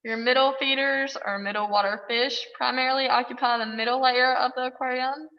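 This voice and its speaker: A woman's voice: sits high, fairly even intonation, brisk, long reverb tail, muffled recording. A woman teacher explaining fish biology in a classroom lecture, with occasional fillers.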